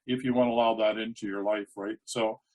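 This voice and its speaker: A man hosting an interview, talking in a relaxed, affirming, reflective way. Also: on the low side, a little fast. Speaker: host. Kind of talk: casual interview conversation.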